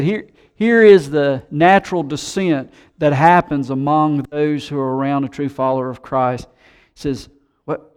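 A man preaching a sermon, animated, who acts out the voices of scoffers he quotes. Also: fairly high pitch. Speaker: pastor.

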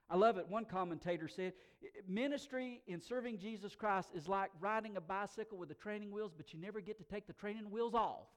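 Man, pastor, high voice, conversational sermon, soft asides, loud emphatic bursts. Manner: conversational, folksy fillers.

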